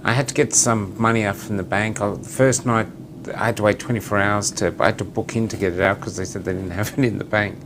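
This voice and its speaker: A man's voice: fairly low pitch, quick pace, background noise. A middle-aged man co-hosting a casual chat, telling stories and acting out what people said. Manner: animated storyteller, acts out quotes. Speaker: co-host.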